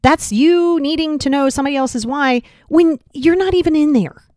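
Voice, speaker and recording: A woman's voice: sits high, moderate pace, darkish tone, no echo, clean studio sound. A woman hosting a solo motivational podcast, talking bluntly and casually and firing off rhetorical questions. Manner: direct, fires rhetorical questions; blunt, casual, with mild swearing. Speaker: podcast host.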